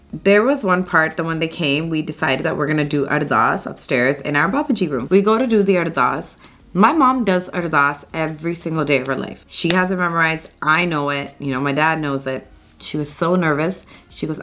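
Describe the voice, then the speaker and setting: A woman's voice: deep voice, fairly bright tone. A young woman vlogger telling her own story in a chatty, emotional way, acting out the quoted lines. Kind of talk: casual story-time vlog.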